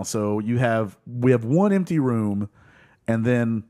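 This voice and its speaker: A man's voice: mid-range voice, big pitch swings, normal speed, mellow. A man co-hosting a casual podcast chat, rambling with lots of fillers and laughs. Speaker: podcast co-host.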